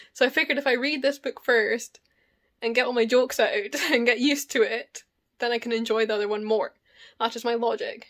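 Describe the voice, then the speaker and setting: Chatty Scottish woman, higher voice. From Scotland. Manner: chatty, laughing, wry. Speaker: book vlogger. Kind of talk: casual vlog chat.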